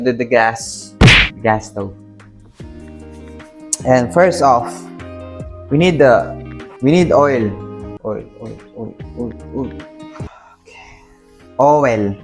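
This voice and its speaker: A man's voice: mid-range voice, takes it slowly, long pauses, faint music behind. A man with a Filipino accent chatting casually while cooking in a small home kitchen, filming on a phone. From Philippines. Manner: chatty, repeats words while setting up, sings a few lines. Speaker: cooking vlogger. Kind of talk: casual cooking vlog chat. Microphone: phone camera on a stand.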